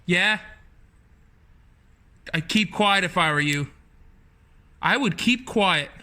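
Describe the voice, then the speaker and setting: A man with a very high, bright voice that swoops up and down, shouting in exasperation. He talks slowly, with mock-tough bravado. He is outdoors on his own deck. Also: expressive. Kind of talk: casual talk to a bird.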